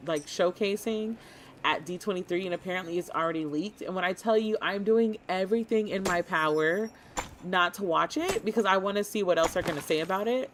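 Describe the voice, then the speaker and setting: A woman streamer chatting casually and excitedly to her viewers while she plays a cozy game, often talking to the game itself. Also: on the low side, brisk, a little hiss or hum. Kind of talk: casual gaming stream chat.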